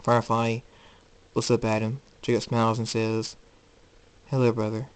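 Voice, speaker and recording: A man narrating his own fan story aloud, halting and repeating words. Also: lowish voice, monotone, clear, resonant tone. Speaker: hobby storyteller.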